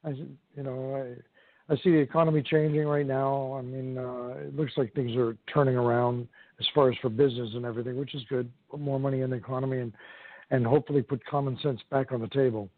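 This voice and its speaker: A man's voice: medium pitch, level tone, fairly quick, no echo. A man calling into a radio show, rambling nostalgically about old times. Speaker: caller. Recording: dry, phone-line sound.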